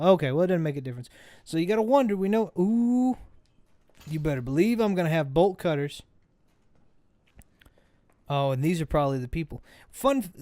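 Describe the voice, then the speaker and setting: Man, gameplay commentary, rambling, self-correcting, slightly high voice, dry close sound. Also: darkish tone, no echo. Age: adult parent. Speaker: let's play host.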